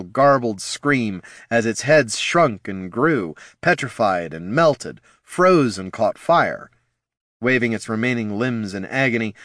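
A male audiobook narrator with a low, slightly bright voice reads scripted fantasy narration. The recording is clean studio sound with no room sound.

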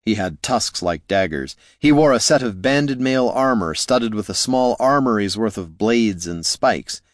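Low-voiced man narrating an audiobook. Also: unhurried, no room sound, studio quality. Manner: steady storytelling.

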